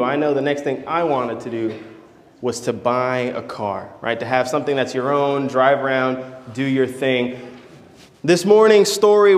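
High-pitched guy preaching, storytelling, big echoey church hall. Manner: storytelling, acting out voices in quotes. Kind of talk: sermon.

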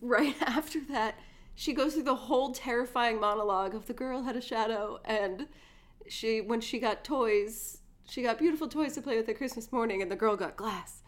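A young woman co-hosting a podcast, animated and quick with asides while discussing a film. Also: on the high side. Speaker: podcast co-host.

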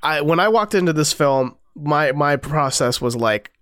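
A man's voice: a little high, lively intonation, measured pace, fairly bright tone, smooth, dry recording, studio quality. A man co-hosting a casual film review podcast, easygoing and laughing often. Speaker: podcast co-host.

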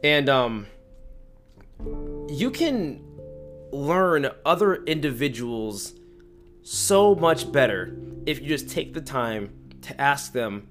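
A young man hosting a podcast, telling a story in casual chat, animated and slangy, acting out the lines he quotes. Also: medium pitch, slow, long pauses, soft background music. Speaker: podcast host.

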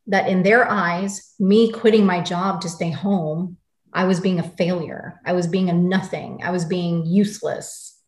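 This emotional interview features an American woman in her forties whose lowish voice stays fairly even and unhurried. She tells her story bluntly, with intense anger, and the audio has a roomy echo.

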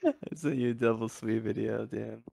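A man's voice: fairly low pitch, moderate pace, creaky, mellow, no room sound, clean studio sound. A young man in casual chat, laid-back and blunt, swearing casually.

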